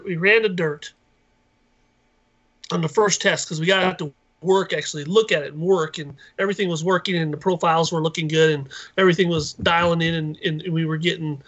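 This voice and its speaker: A man telling a rambling, excited story as a guest on a live call-in show. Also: fairly high pitch, highs cut off. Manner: rambling, excited, acts out quoted voices. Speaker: inventor and guest.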